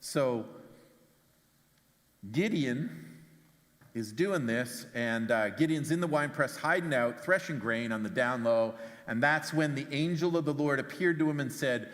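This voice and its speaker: A man's voice: expressive, measured pace, fairly bright tone. Preaching man in a reverberant church hall. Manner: storytelling, acts out quotes with big pitch jumps; repeats words when starting phrases. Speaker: pastor. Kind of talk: sermon. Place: church sanctuary.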